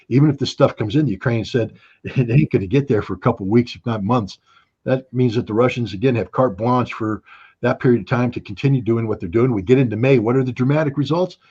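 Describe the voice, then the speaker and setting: A man talks as a guest commentator on a geopolitics livestream. His voice is husky, and his delivery is blunt, sardonic and emphatic. The audio is muffled and lo-fi. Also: mid-range voice, darkish tone.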